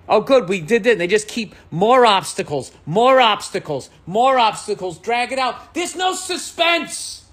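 A man talking on a podcast, ranting with exasperation and profanity, voice swinging up and down. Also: high voice. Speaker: comedian. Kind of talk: podcast rant.

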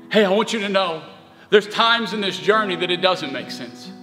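A young man preaching a sermon as pastor, telling a personal story in an earnest, heartfelt way. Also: high-pitched. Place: church sanctuary. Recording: reverberant church hall with soft music.

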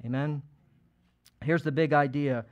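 High-voiced pastor preaching with rising fervor. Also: male voice, fairly even intonation, a little slow, lo-fi sound. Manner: swings from hushed pleading to loud, preacherly calling out. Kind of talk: sermon.

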